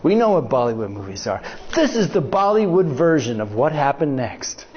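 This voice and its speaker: Heavy background noise and lo-fi sound surround this older American man's medium-pitched voice, which moves at a normal speed. Giving a talk as a guest speaker in a lecture hall, he tells a humorous story with animation, acting out each exchange.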